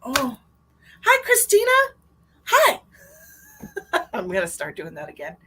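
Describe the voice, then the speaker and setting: A woman's voice: on the high side, wildly swooping pitch, a little slow, sharp tone, a little hiss or hum. Woman, middle-aged, psychic medium, live-stream host, casual chat, storytelling, laughs often, greets viewers.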